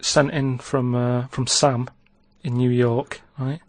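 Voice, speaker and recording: A man's voice: medium pitch, little pitch movement, slow, no room sound. Rambling man telling a story, dry studio. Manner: rambling, full of "right?" and "and that". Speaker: podcast regular telling a news story. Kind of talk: casual storytelling chat.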